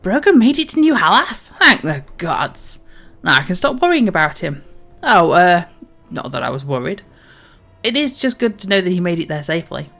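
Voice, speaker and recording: A woman voicing a lively female dwarf from a game. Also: lowish voice, a little fast, creaky, soft background music, exaggerated voice. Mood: relieved. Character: worried female dwarf dockside townswoman.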